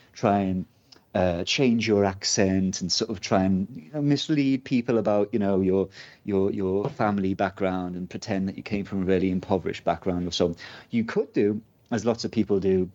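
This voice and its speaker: A man's voice: low voice, normal speed, a little mellow, highs cut off. A man from Britain talking casually as a guest, rambling with many fillers and asides. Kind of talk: casual conversation.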